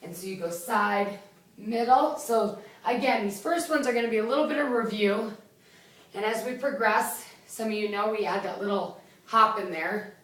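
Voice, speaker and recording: A woman's voice: mid-range voice, normal speed, far from the mic. Breathless woman fitness instructor, echoey room. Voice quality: loud voice. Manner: chatty, counting reps, laughing at herself. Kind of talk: home workout instruction. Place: small indoor room.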